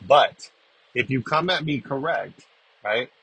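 A man's voice: medium pitch, expressive, slow, gravelly, fairly bright tone, slight background noise, poor audio. A man hosting a recovery podcast, talking freestyle in a blunt, casual way, swearing and checking in with "right?" as he goes. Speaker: podcast host.

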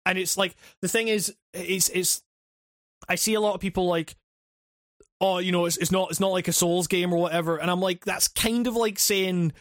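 A man's voice: high-pitched, fairly even intonation, normal speed, fairly bright tone, no echo, clean studio sound. A young man co-hosting a podcast in casual chat, rambling and profane, laughing often. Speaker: podcast co-host.

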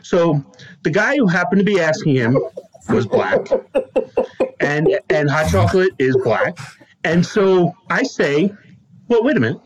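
A man hosting a podcast, telling stories in a lively, laughing way and acting out what people said. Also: a little high, unhurried, muffled recording, crowd noise. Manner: animated, laughing storyteller who acts out quotes. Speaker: podcast host. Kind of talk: casual storytelling chat.

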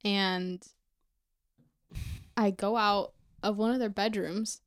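A woman's voice: mid-range voice, fairly even intonation, takes it slowly, clear, resonant tone. A woman guest on a casual podcast chat in a bathroom, telling stories in a bubbly way full of fillers. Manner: bubbly, filler-heavy storytelling. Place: bathroom, seated.

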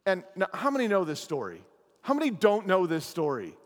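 A man preaching a sermon at a leadership chapel, animated and playful, telling a story with jokes and asides. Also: sits high, brisk. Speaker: pastor. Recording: long chapel reverb.

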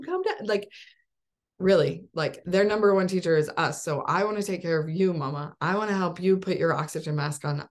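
A woman in her forties, a life coach hosting a support group call over a video call, talking in an upbeat, encouraging way with rhetorical questions and frequent laughs. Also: fairly low pitch. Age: 40s.

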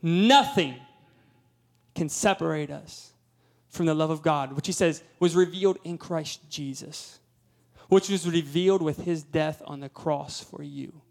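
A man's voice: fairly high pitch, steady tone, measured pace, gravelly, darkish tone. A man in his thirties preaching a sermon, telling a family story and building to emphatic, rising peaks. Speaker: guest preacher.

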